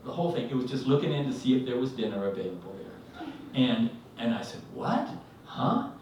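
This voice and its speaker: A man's voice: medium pitch, quick pace, a little hiss or hum. A man telling a rambling personal story at a live storytelling event, acting out the voices in it. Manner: rambling, animated, acts out quotes. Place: live event venue, indoors. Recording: echoey hall, mic from a distance.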